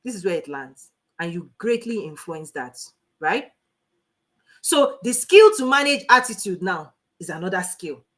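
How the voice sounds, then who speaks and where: A Nigerian woman teaching a live online coaching class in an animated, preachy way, laughing often. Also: lowish voice, unhurried. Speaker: life coach.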